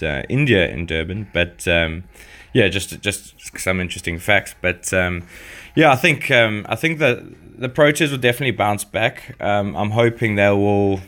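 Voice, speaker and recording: A man's voice: low voice, fairly bright tone, clean tone. A South African man chatting casually about cricket, hesitant and full of ums, doing a broad put-on Australian accent. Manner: hesitant, many ums and restarts. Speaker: podcast co-host. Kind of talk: casual sports chat.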